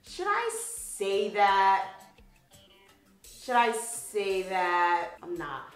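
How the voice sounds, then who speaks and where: A woman's voice: medium pitch, lively intonation, unhurried, a bit bright, echoey room, faint music behind, poor audio. A young woman vlogger telling a dating story in a casual, sassy way, swearing freely. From Haitian background.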